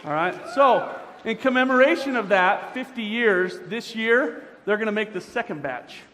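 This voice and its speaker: A man emceeing a pageant, joking playfully and quizzing the audience as he warms up the crowd. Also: high voice, expressive, normal speed. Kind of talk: crowd warm-up banter. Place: large indoor auditorium. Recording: reverberant hall with crowd noise.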